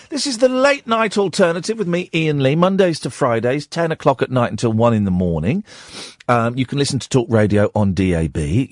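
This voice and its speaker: A man's voice: medium pitch, no echo, studio quality. Rambling late-night radio host, man. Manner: rambling, halting with many fillers and restarts. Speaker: radio talk show host. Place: radio studio. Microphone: studio microphone.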